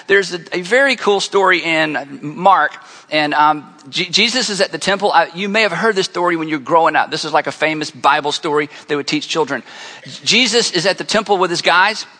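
A middle-aged man preaching a conversational sermon to a congregation, telling stories with lively energy. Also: high voice. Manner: conversational, animated storytelling. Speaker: pastor. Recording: long hall reverb.

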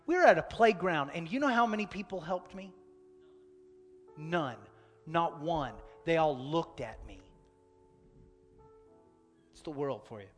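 A man in his thirties preaching a sermon as a pastor, telling a personal story and swinging from loud urgency to a soft, near-whispered hush. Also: a little high, lively intonation, unhurried, pauses often, in a large hall, faint music behind.

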